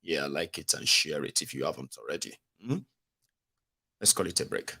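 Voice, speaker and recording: A man's voice: very deep voice, lively intonation, moderate pace, vocal fry, bright, forceful tone, slightly rough. Chatty Nigerian man hosting political talk. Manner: chatty, mixing in Pidgin asides. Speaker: political commentary host. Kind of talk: casual online commentary broadcast.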